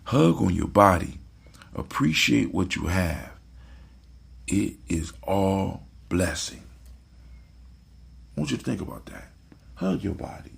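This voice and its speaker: A man's voice: deep voice, very animated, slow pace, gravelly, long pauses. A man hosting a casual motivational talk, preachy, repeating his phrases and checking in with "right?". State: sleepy, yawning. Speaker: podcast host.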